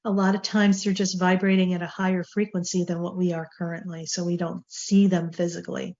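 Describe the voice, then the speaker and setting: A woman's voice: on the low side, flat delivery, fairly quick, a little mellow, muffled recording. A woman hosting a talk show, speaking in a chatty, rambling way with plenty of fillers. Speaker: show host. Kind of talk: casual talk-show monologue.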